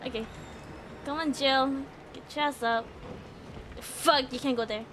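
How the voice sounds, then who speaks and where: A woman streaming a horror game live, excitable, yelping, swearing and laughing as she plays. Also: high-pitched, a little slow, a little hiss or hum. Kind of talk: live gaming stream commentary.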